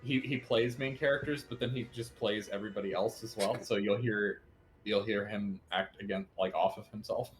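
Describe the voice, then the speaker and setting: A man co-hosting a gaming stream, chatting excitedly and stammering as he rambles. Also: on the low side, normal speed. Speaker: co-host. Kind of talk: casual chat.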